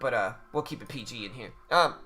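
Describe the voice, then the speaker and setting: A man's voice: medium pitch, brisk, pushed and bright, faint music behind. A man hosting a live trading stream, chatting casually with viewers in a loose, slangy way. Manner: chatty and loose, talks to chat with slang like bro and dude. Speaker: livestream trading host.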